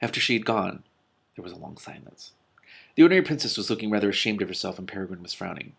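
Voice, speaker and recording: A man reading a children's novel aloud, breaking off with animated, exclaiming reactions. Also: low-pitched, quick pace, gravelly, slightly rough. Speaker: reader and commentator.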